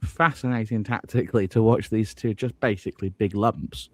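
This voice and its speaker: A man's voice: on the low side, normal speed, no echo. Wry man chatting about football, dry sound. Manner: lively, humorous, wry. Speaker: podcast co-host. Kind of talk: casual football chat.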